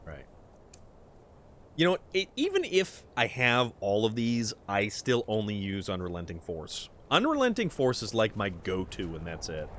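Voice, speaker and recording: In an unhurried voice, with slight noise behind him, a man gives casual live commentary while streaming a game, chatting with viewers and reacting to what happens. His delivery is animated, pitch leaping into sudden high exclamations.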